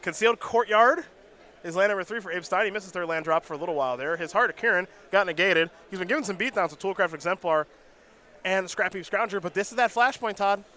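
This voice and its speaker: Bright-voiced male play-by-play caller. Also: high voice. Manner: brisk, joking play-by-play with stumbles on card names. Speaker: play-by-play commentator. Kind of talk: live game commentary.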